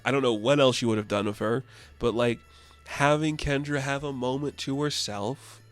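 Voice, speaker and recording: A man giving a loose, joking recap of a comic book, tossing off quick asides. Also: fairly low pitch. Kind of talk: casual comic review.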